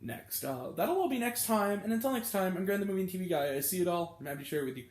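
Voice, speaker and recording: A man hosting his own movie review vlog, talking casually and ranting with pitch jumping up when annoyed. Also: animated, fast, darkish tone, roomy sound.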